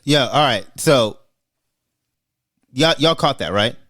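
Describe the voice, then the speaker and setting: A man's voice: mid-range voice, lively intonation, takes it slowly, fairly bright tone, faint music behind. A man hosts a casual podcast debate and gives his opinions emphatically. He speeds up when he drives a point home. His delivery is conversational and direct. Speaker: podcast host.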